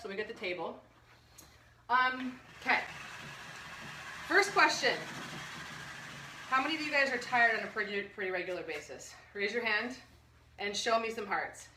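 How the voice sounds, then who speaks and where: A woman's voice: fairly high pitch, expressive, normal speed, long pauses, roomy sound, recorded from a distance, noisy background. A woman nutritionist hosting a live online health workshop, bubbly, jokey and full of energy. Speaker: nutritionist host. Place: room under bright lights.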